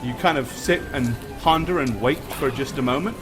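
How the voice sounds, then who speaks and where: A man's voice: medium pitch, moderate pace. A man narrating a tabletop game as game master, in a casual, chatty way. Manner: casual, chatty, thanks viewers. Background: background music.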